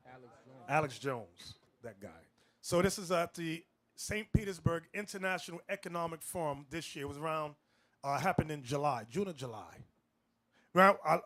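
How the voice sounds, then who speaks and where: Higher-voiced man preaching casually. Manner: loose and digressive, talking over a played clip. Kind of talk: conversational sermon.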